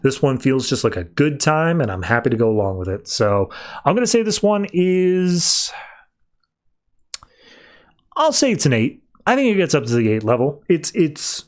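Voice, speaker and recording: A man's voice: a little high, very animated. A man hosting a podcast, casually recapping a comic book and acting out the characters' quotes. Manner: chatty, acts out quotes in quick voices. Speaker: podcast host.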